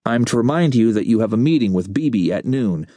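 A man's voice: medium pitch, animated, fairly quick, dark tone, no room sound, natural voice. A man voicing a fussy young male tech geek in an audiobook, with a prim and polite manner.

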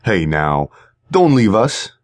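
A man's voice: on the low side, sing-song, slow pace, no room sound, clean studio sound. A man voicing a short, cocky male thug who taunts his victim with a gun. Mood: taunting. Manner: taunting, mocking.

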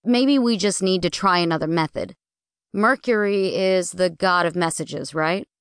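A kind, patient young man, as a woman narrator reads him in an audiobook. He speaks gently and encouragingly in a smooth, dry voice. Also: fairly low pitch, unhurried, no room sound, close to an everyday voice. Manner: gentle, soothing.

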